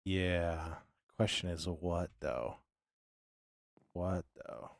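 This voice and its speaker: A man talking casually to his live-stream chat while he builds in a game, mumbling and humming to himself, and clearing his throat now and then because he is sick. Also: sits low, very slow, no room sound, studio quality. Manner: relaxed, mumbling to himself, humming filler sounds.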